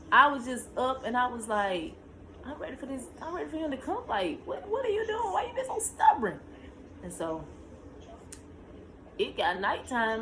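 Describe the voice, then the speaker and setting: A young woman telling her own story to camera in a casual vlog, talking straight to her viewers and jumping high in pitch when she relives tense moments. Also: a bit bright, a little hiss or hum, poor audio. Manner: talks to viewers directly, shushing her child between lines.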